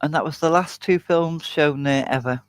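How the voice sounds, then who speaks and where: A man's voice: a little high, normal speed, clear, resonant tone, no echo. A man hosting a casual chat, telling a long anecdote in a chatty storytelling way and laughing often. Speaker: YouTube channel host.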